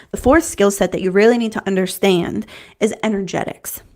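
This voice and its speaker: Woman coach, earnest and conversational, mid pitch, teaching to camera. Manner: earnest, conversational, repeats and restarts, says "right?". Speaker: business coach.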